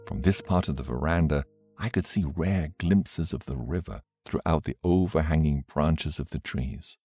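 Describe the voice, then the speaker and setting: A man reading an audiobook aloud in expressive, scripted narration. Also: rumbling low. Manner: expressive storytelling. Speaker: audiobook reader.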